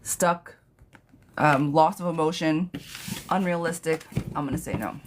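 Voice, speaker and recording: A sassy, blunt woman gives a live tarot reading, swearing freely and chatting with viewers. Her voice sits low for a woman. Faint noise hums under the stream. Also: a little slow, long pauses. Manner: chatty, laughs at her own jokes. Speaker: tarot reader.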